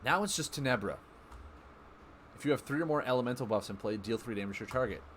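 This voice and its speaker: Male live streamer, mid-pitched, jumpy commentary on card plays, pokes fun at himself, faint background noise. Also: quick pace. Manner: excitable, self-mocking, thinks aloud.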